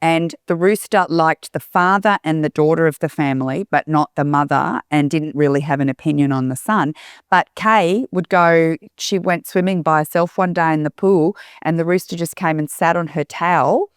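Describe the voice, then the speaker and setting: A woman's voice: low-pitched, fairly even intonation, normal speed, clean tone, no room sound, clean studio sound. A woman hosting a podcast, telling long rambling stories with many restarts in casual chat. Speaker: podcast host.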